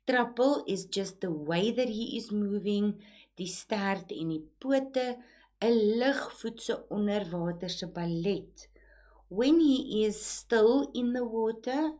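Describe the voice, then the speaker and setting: Slow-speaking teacher woman. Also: mid-range voice, mellow. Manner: slow, deliberate, switching between two languages. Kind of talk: explaining a poem.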